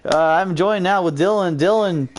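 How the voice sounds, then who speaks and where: A man commentating a sim racing league and interviewing drivers, excitable and quick to laugh. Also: high-pitched, a little hiss or hum. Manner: excitable, laughs often, exclaims.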